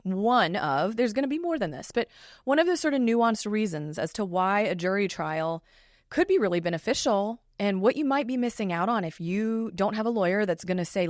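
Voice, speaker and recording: A woman, a family law attorney hosting her own podcast in a chatty, animated way. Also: medium pitch, moderate pace, no echo, clean studio sound. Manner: chatty and animated, with lively asides. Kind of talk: casual solo podcast talk.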